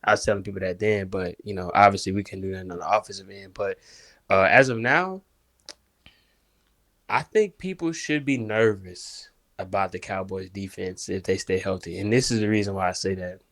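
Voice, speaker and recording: A man's voice: low-pitched, normal speed, fairly bright tone. A man co-hosting a football podcast, talking in a laid-back, slangy way with frequent restarts. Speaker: podcast co-host. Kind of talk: casual sports chat.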